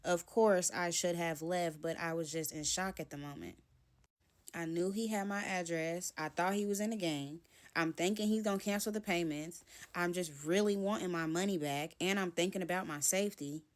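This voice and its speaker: A woman's voice: on the low side, normal speed. Woman telling a dramatic storytime. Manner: animated, dramatic retelling in casual slang. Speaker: storytime vlogger. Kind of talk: casual storytime narration.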